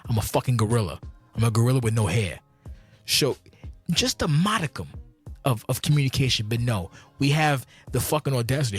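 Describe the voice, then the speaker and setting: A man hosting a gaming channel, delivering a profane, heated rant with many restarts and sudden jumps up in pitch when outraged. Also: very animated, a little fast, slightly rough, faint music behind. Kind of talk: profane ranting vlog.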